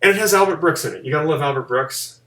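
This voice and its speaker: A man hosting a live stream in casual chat, animated and jokey, reading out viewer comments and ranking films. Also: very fast, echoey room. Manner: animated, jokey, does mocking high voices. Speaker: live show host.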